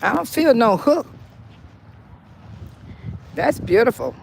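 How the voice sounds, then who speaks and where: A woman giving a casual walking-tour vlog, chatty and repetitive with sudden loud exclamations, recorded on a handheld phone while driving and walking outdoors. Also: on the high side, big pitch swings, slow, vocal fry, very noisy. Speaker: local vlogger.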